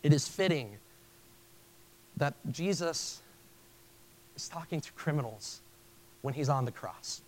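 A man's voice: a little high, animated, slow pace, long pauses, slight background noise, rough recording. A male pastor preaching a sermon in an earnest way, often stopping and restarting his phrases. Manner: earnest, with frequent stammered restarts.

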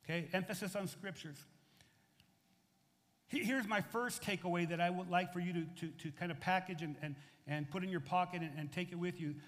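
A middle-aged man from the United States preaching a sermon to his congregation, animated and conversational, swinging between loud emphatic phrases and quiet asides. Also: high voice, quick pace, hardly any pauses. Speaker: pastor. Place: church sanctuary. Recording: reverberant hall.

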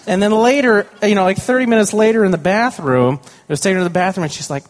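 A man's voice: high voice, lively intonation, fast talker, few pauses. A man, a pastor, preaching a conversational sermon with stories about his young children, often asking the congregation questions.

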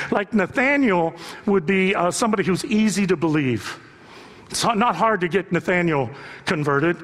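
A man's voice: high-pitched, fairly bright tone. A man preaching a sermon as pastor, talking conversationally and joking with the congregation, asking them rhetorical questions. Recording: long reverb from a large hall.

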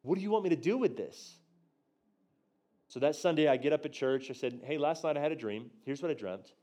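A man teaching a church group on prophecy, telling a story from the pulpit and acting out his own quotes, dropping quiet for tender moments and jumping loud for punchlines. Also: brisk. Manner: animated storyteller, acts out his own quotes with big jumps in pitch and volume. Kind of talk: storytelling sermon.

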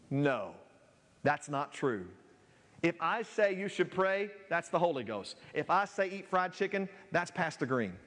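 A male pastor delivers a sermon, reading scripture aloud and pushing his voice up as he presses his points. His voice sits a touch high for a man. A long reverb trails each phrase. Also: big pitch swings, measured pace, a bit bright. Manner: preaching with rising intensity, reading scripture aloud.

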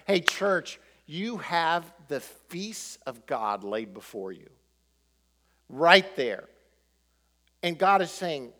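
A male pastor preaching a sermon, animated, throwing rhetorical questions at the congregation. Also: a little high, slow, long reverb tail.

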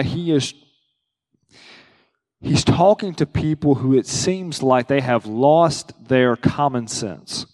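A man's voice: medium pitch, darkish tone, in a large hall. A young adult male pastor preaching a conversational sermon, acting out quotes with rising emphasis.

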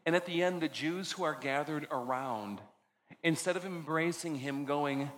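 A man preaching a sermon as pastor, earnest, slowing down for emphasis and dropping low and soft on key lines before leading communion. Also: poor audio.

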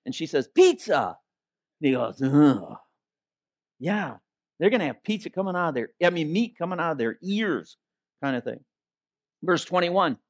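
A man's voice: fairly high pitch, no echo. A man preaching a sermon as interim pastor, casual and conversational, acting out the people he quotes. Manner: conversational, acts out quotes with voices.

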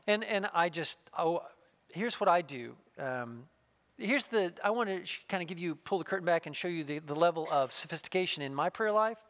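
A man preaching with an earnest, storytelling delivery, sinking into a hush for tender moments. His voice sits very high for a man and sounds smooth and resonant. The sound is close and dry, with no room around it. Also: lively intonation, moderate pace, dry recording. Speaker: pastor. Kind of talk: sermon.

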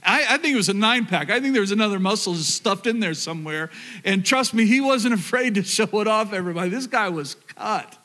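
A man's voice: sits high, lively intonation, fast, pushed and bright. A man from rural Oklahoma with a Southern accent, preaching a sermon through personal stories, earnest and repeating words as he talks to the crowd. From rural Oklahoma, USA. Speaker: pastor. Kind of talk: storytelling sermon.

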